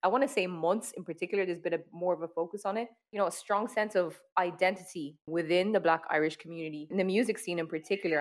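A woman hosting a podcast, speaking reflectively and asking questions. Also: lowish voice. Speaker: podcast host. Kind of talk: podcast discussion.

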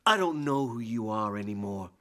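An actor playing a jealous, drinking husband in a radio drama, sarcastic and biting, rising into fury. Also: male voice, fairly low pitch, lively intonation, normal speed, a bit bright. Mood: furious. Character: bitter jealous husband, drinking, middle-aged.

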